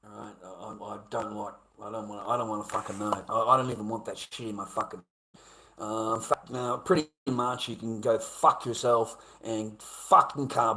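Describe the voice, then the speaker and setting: A man's voice: on the low side, steady tone, normal speed, sharp tone. A middle-aged man with an Australian accent ranting bluntly at his live chat, swearing heavily and repeating himself. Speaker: livestreamer.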